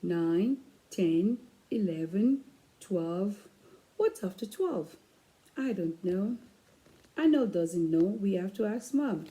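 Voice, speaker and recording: A woman hosting her own channel, reading a children's picture book aloud in a slow, expressive way with playful asides. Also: medium pitch, rough recording.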